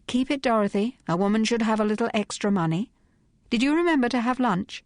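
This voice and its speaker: A woman reading an audiobook, voicing a glamorous, sharp-witted young lady detective in a brisk, assured tone. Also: fairly high pitch, no room sound, clean studio sound, voice pushed up, natural voice.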